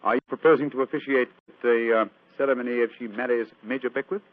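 An actor playing a sharp, cool-headed male detective in 1940s radio-drama style, with crisp, precise and dryly amused speech. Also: mid-range voice, steady tone, fast, natural voice. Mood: measured. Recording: tinny old radio broadcast.

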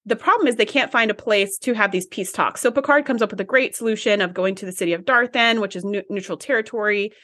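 A woman co-hosting a podcast, retelling an episode in animated, chatty talk and laughing easily. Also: mid-range voice, fast talker, hardly any pauses. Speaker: podcast co-host. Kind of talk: casual recap chat.

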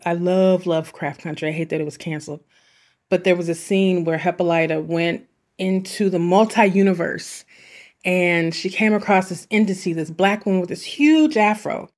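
A woman's voice: fairly low pitch, a little mellow. A woman hosting a self-help podcast, speaking in an earnest, chatty way with asides. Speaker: podcast host. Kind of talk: reflective self-help talk.

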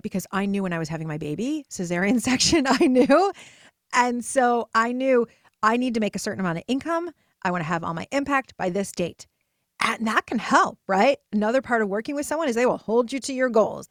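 A woman's voice: on the high side, no echo. Emphatic woman host, dry close sound. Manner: emphatic, personal, swings between soft and loud. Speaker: podcast host and purpose coach. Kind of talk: motivational solo podcast talk.

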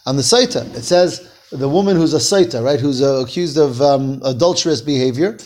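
A man's voice: medium pitch, brisk, darkish tone. A man leading a text-study class, reading Hebrew phrases aloud, translating them and asking his students questions. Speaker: Torah teacher.

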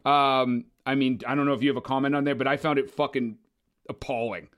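A man co-hosting a casual movie podcast, talking in an animated, opinionated way with frequent swearing. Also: mid-range voice, brisk. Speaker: podcast co-host. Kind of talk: casual movie review chat.

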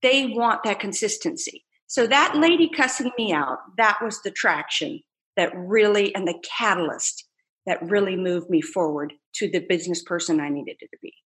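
A woman entrepreneur telling her story in a casual interview, animated and laughing as she acts out quoted voices. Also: medium pitch, normal speed. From United States. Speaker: entrepreneur guest.

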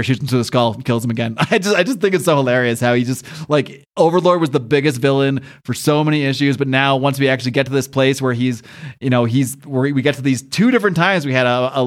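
A man hosting a casual podcast, talking excitedly with lots of fillers, restarts and laughs. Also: mid-range voice. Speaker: podcast host.

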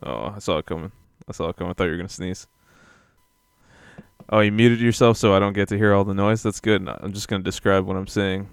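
Male podcast host, relaxed joker, lowish smooth voice. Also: fast talker, no echo, clean studio sound. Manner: laid-back, joking, laughs often. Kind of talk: casual chat.

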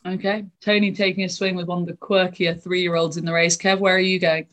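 A woman hosting a live sports radio show, brisk and chatty as she introduces races and passes to guests. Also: on the low side, level tone, a bit bright.

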